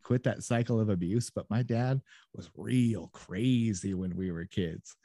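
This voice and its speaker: A man's voice: lowish voice, unhurried, mellow, no room sound, clean studio sound. Laid-back man chatting on a podcast. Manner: rambling, laughs often, loose storytelling. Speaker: podcast co-host. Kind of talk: casual podcast chat.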